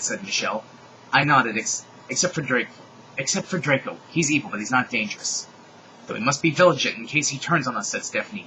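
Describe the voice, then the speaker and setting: A young man doing a comedic dramatic reading of a fan story, with animated delivery, shouted dialogue and mocking asides. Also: mid-range voice, slight background noise, poor audio.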